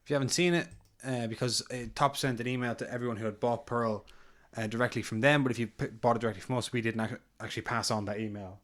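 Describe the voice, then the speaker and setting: A man's voice: medium pitch, steady tone, fast. A man co-hosting a casual podcast, rambling with lots of ums and restarts. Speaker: podcast co-host.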